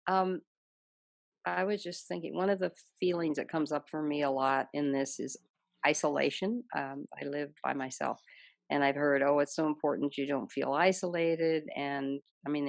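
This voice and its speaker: A woman's voice: sits low, steady tone, normal speed, vocal fry, no room sound. A woman on a video call, hesitantly asking the teacher a question. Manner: hesitant, searching.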